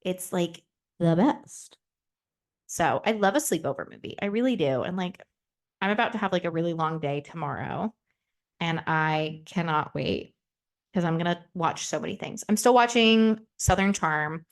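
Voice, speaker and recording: A woman's voice: fairly low pitch, lively intonation, moderate pace. Chatty, candid young woman podcaster. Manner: chatty, candid and profane, acts out quoted voices. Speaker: podcast host. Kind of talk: casual solo podcast chat.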